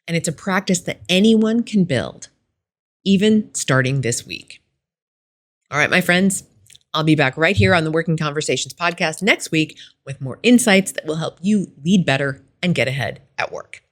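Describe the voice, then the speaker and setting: A woman's voice: sits low, lively intonation, normal speed. A middle-aged woman hosting a workplace advice podcast, telling a story in a conversational coaching tone. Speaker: podcast host.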